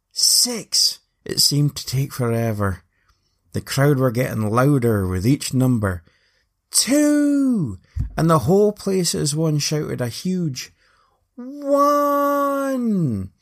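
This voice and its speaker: Gravelly Scottish man telling a tale. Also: medium pitch. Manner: wry, lively, playful asides. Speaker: storyteller. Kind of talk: casual storytelling narration.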